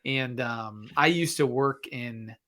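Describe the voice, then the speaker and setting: A man of ordinary middle pitch speaks into a podcast mic as a guest, spinning a casual story. He is animated, switching readily into the voices of the people he describes. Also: slow pace. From Michigan. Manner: animated, re-enacts dialogue. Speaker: guest author.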